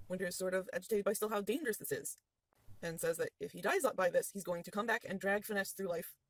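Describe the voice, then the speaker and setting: A woman's voice: on the low side, no echo, low-quality recording. A woman as game master, recapping a tabletop game session with playful storytelling.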